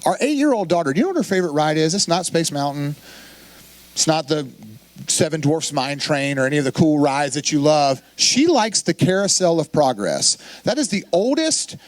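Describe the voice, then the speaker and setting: A man with a high voice preaches a sermon, talking to the congregation in a lively, conversational way. He keeps acting out little quoted exchanges. The sound is dry and close to the mic. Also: normal speed, no room sound. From Florida. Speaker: pastor.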